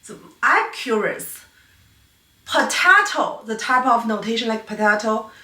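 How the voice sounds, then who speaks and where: A woman's voice: a little high, sharp tone, recorded from a distance. A female piano teacher whose first language is Chinese, giving a patient, explanatory online lecture on playing technique. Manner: patient, explanatory, non-native phrasing. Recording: echoey room, voice a bit off-mic.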